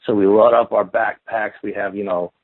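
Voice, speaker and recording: A man's voice: lowish voice, little pitch movement, normal speed, no room sound. A man, a guest on an interview, telling a long encounter story in a rambling, casual way with repetitive build-ups. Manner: rambling, repetitive build-up with stacked "and then you hear" phrases. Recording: tinny phone line.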